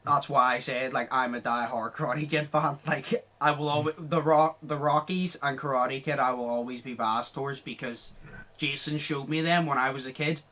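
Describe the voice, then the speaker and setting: A young man hosting a podcast, chatting casually, excitable, laughing often and swearing freely. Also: mid-range voice, moderate pace. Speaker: podcast host.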